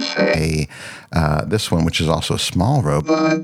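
A low-pitched man in casual podcast chat, speaking into a boom-arm dynamic mic at a home desk. He rambles, interrupts himself and hunts for the right word. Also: animated, slow, creaky, over loud music. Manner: rambling, self-interrupting, searching for words. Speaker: podcast host. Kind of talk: casual gear demo chat.

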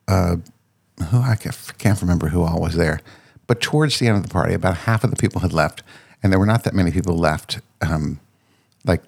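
A man's voice: deep voice, darkish tone. A man hosting his own podcast, casually telling a rambling personal story and often restarting his sentences. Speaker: podcast host.

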